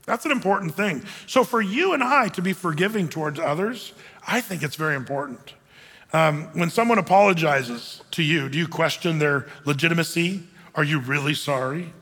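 A man's voice: fairly high pitch, moderate pace, breathy edge. A man preaching a sermon in a loose, conversational way, acting out the people he quotes. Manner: conversational, animated, acts out quoted voices. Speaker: pastor. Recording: long reverb of a large hall.

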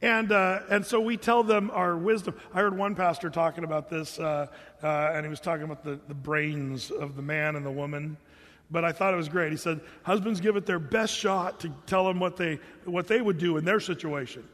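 A man's voice: on the high side, fairly even intonation, brisk, fairly bright tone. A man preaching a sermon in a humorous, conversational way, with joking asides to the congregation. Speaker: pastor. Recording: long hall reverb.

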